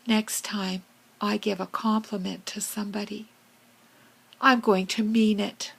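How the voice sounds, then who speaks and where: A friendly but vain female fox, played by a woman tells a storybook tale to children in a whispered role-play. Her voice is husky and gravelly, and she talks at an unhurried pace. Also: mid-range voice, little pitch movement, low-quality recording. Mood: earnest. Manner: slow, breathy storytelling to children.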